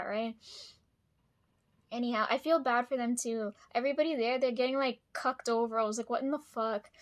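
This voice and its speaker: A woman vlogger chatting casually to her viewers, rambling, swearing freely and laughing often. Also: a little high. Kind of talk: casual chat to camera.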